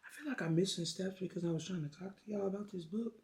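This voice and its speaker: A woman's voice: mid-range voice, quick pace, darkish tone. A woman vlogger telling a story in a casual, slangy, profane way and chatting about a book. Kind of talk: casual vlog chat and book retelling.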